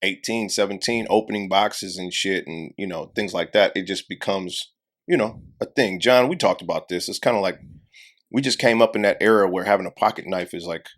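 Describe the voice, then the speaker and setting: A low-voiced young man tells a story in a relaxed podcast chat. He acts out each person he quotes and swears freely as he goes. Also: fairly quick. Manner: animated storyteller, acts out quotes, heavy profanity. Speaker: podcast co-host.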